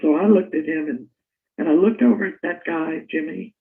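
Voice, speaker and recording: Gravelly older woman on a tinny line. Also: sits low, normal speed. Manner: animated storyteller, laughs while telling. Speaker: interview guest. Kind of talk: casual storytelling.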